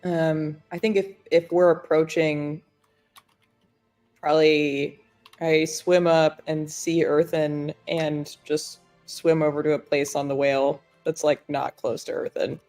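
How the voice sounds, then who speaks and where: Low, flat-voiced woman player. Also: slow pace, soft background music. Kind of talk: tabletop role-play.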